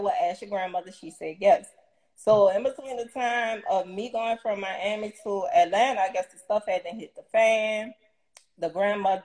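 Woman, young, talking fast and lively, doing everybody's lines as she tells it. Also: medium pitch, low-quality recording. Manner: animated retelling with quoted dialogue and laughs. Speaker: interview guest. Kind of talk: casual storytelling.

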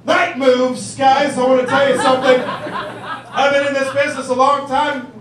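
A man's voice: very high-pitched, flat delivery, normal speed. A man playing a cheesy hotel ballroom emcee with smarmy showbiz patter in a stand-up bit. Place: small comedy club. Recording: echoey club from far off, crowd laughing.

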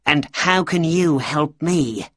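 A man's voice: on the high side, lively intonation, takes it slowly, dry recording, clean studio sound, voice pushed up. A man voicing a weak, frightened little man who pleads anxiously, in a storybook reading.

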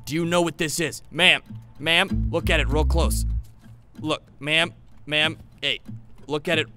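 A young man doing comedic video game commentary, excitable and giggly, with sudden yelps. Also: fairly high pitch, unhurried. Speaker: gaming YouTuber. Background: game music.

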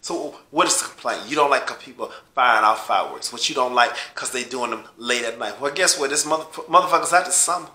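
A man from Los Angeles hosting his own rant show, swearing heavily and getting louder and higher as he heats up. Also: expressive, fast, few pauses, roomy sound. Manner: swearing, heated, louder and higher when riled. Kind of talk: profane ranting monologue.

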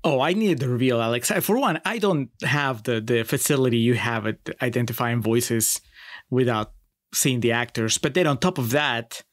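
Man, chatty podcast co-host, mid-pitched voice, dry close sound. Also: normal speed, no room sound. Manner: chatty, enthusiastic, asks questions. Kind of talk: casual film discussion.

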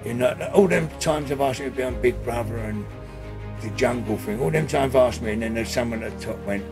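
Gravelly older man, blunt. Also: medium pitch, fairly quick, over music. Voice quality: gravelly, husky. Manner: blunt, emphatic, swears freely. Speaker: interview guest. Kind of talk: casual interview talk. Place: his home.

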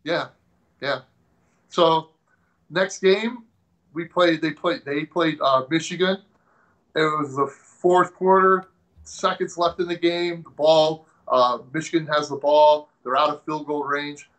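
A man from the Pacific Northwest, a former strength coach, telling animated stories in a casual interview and acting out the people he quotes. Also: on the high side, takes it slowly, poor audio. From Tacoma, Washington.

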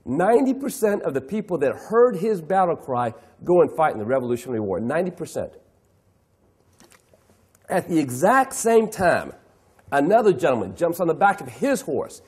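Animated husky male keynote speaker. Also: on the high side, normal speed. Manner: animated, acts out clients' voices, asks the audience questions. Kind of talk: lively keynote talk to an audience.

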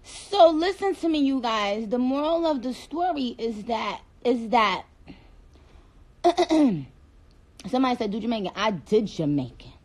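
Woman host, casual livestream chat into a phone, unhurried and very expressive. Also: fairly high pitch. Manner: playful, chatty, drops into Spanish phrases. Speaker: livestream host reading viewer comments.

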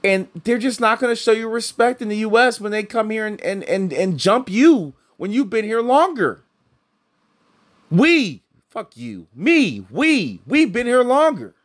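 A man's voice: sits high, sing-song, unhurried. A middle-aged man giving blunt, heated, profane commentary, often repeating himself. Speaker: commentator reacting to clips.

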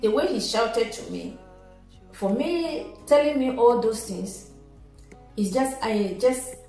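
Calm woman telling a story, echoey room. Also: high voice. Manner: calm, halting, many restarts. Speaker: vlogger telling a personal story. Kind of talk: casual storytelling. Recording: echoey room with faint music.

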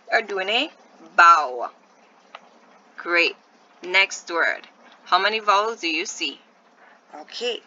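Here a woman's bright, pushed voice at medium pitch guides young viewers through a first-grade lesson, sounding out each word syllable by syllable with patience and encouragement. Highs are cut off, and a little hiss or hum is audible.

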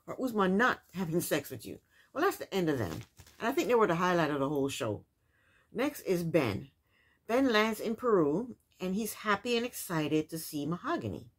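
A woman's voice: fairly low pitch, sing-song, moderate pace, slightly rough. A woman casually recapping a reality TV episode, with incredulous, opinionated commentary and rhetorical questions.

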